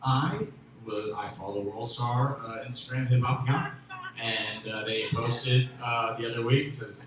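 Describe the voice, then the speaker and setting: A man from Memphis doing a stand-up comedy set, rambling and restarting, with loud bursts on his punchlines. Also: mid-range voice, fairly even intonation, measured pace. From Memphis, USA. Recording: echoey room with faint ambient noise.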